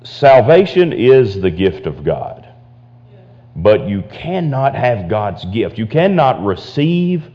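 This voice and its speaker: A man's voice: lowish voice, sing-song, slow pace, dark tone. A man preaching a sermon, often repeating words and restarting, rising emphatically on key points. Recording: dull lo-fi audio with long hall reverb.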